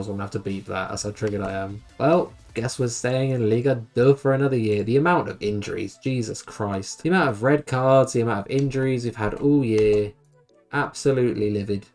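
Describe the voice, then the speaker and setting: A man's voice: lowish voice, a little mellow. A young man commentating over a football management game, exasperated and grumbling at his team. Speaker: gaming YouTuber. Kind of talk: let's play commentary.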